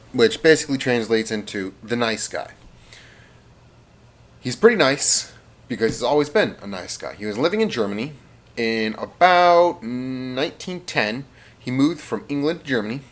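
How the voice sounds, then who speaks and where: A man casually telling a rambling comic story, with fillers and spoken sound effects. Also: medium pitch.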